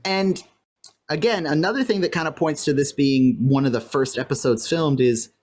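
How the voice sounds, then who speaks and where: With a medium-pitched, darkish voice at a moderate pace, a California podcast co-host loosely recaps a TV episode, rambling with lots of filler words. There's a faint hum from a fan or air conditioner.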